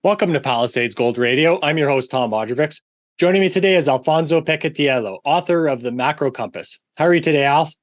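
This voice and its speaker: A man hosting an interview podcast, introducing his guest and asking questions in a friendly, easygoing way with a few halting restarts. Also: fairly high pitch, no room sound, clean studio sound. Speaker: podcast host.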